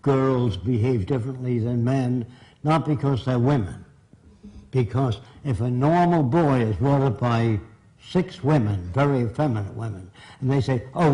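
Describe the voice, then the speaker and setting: Older man, blunt lecturer to a live audience, mellow tone, plain-spoken. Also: medium pitch, measured pace, poor audio. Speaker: seminar speaker. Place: seminar room.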